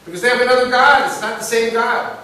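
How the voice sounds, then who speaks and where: A man speaking to a live audience in a preaching style, asking them questions and telling stories with lively emphasis. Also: very high-pitched, fast talker. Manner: animated, asks the audience questions and tells stories. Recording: echoey room picked up from a distance with hiss.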